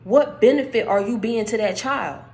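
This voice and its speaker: A woman delivering a spiritual encouragement message, speaking emphatically and straight to the listener, repeating her points, with her voice going hoarse. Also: a little high, normal speed, a little mellow, poor audio. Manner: emphatic, repeats phrases, addresses listener directly. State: losing her voice.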